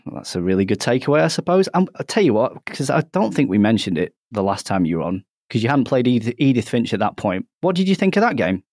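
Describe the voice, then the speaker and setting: Jokey British podcast host. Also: male voice, medium pitch, quick pace, few pauses, dry recording, clean studio sound. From Britain. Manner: chatty, jokey and animated. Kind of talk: casual gaming podcast chat.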